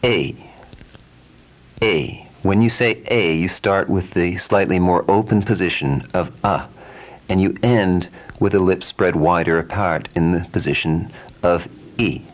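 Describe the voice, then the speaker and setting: A man with a low, deep voice teaches pronunciation at an unhurried, measured pace. He speaks calmly and repeats each vowel sound several times as a drill. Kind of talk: slow, deliberate pronunciation lesson.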